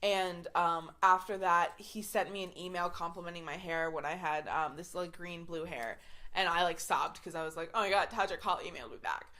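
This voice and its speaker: A woman podcast host telling a story in casual chat, animated and swearing freely, with lots of "like". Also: fairly low pitch, moderate pace.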